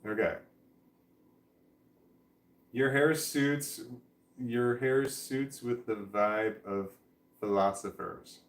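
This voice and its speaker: A man's voice: medium pitch, fairly even intonation. Guy rambling through chat comments on a home stream, keeps restarting words, echoey room. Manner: halting, repeats words, reads comments aloud and stumbles over them. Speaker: vlogger reading chat comments. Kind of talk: casual livestream chat. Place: indoors at home with his dog. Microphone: webcam.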